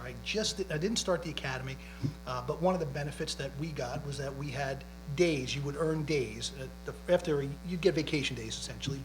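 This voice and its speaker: A man's voice: mid-range voice, poor audio. A middle-aged man, a police chief, telling stories and explaining at a public library talk, often tagging lines with "right?". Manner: chatty, tags lines with "right?". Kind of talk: public panel talk, storytelling. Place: library community event.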